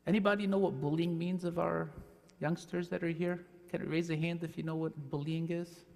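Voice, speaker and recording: An imam from New Jersey talking to children at a worship service in a relaxed, friendly way. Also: male voice, a little high, fairly quick, creaky. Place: church sanctuary. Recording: long church hall reverb.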